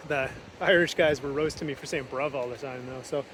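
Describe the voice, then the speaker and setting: A young man vlogging casually outdoors on a windy coast, rambling enthusiastically in relaxed slang. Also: mid-range voice, brisk. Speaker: travel vlogger. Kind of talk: casual travel vlog. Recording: wind noise on the mic.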